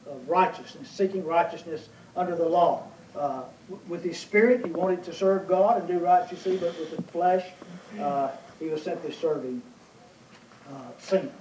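A man preaching a verse-by-verse Bible lesson, pausing often with fillers and asking himself questions. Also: high voice, darkish tone. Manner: plain teaching with many pauses and fillers; rhetorical questions answered himself. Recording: echoey room, voice from a distance, faint noise.

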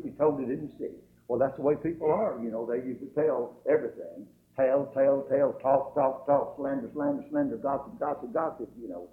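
A man preaching a sermon in a folksy, dramatic way, building to loud emphasis. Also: mid-range voice. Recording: tinny lo-fi echoey church tape.

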